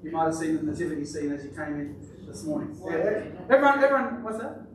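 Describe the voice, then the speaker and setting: A man's voice: on the high side, fast. A man preaching a chatty, joking sermon in church, drawing responses from the congregation. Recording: echoey church from far off.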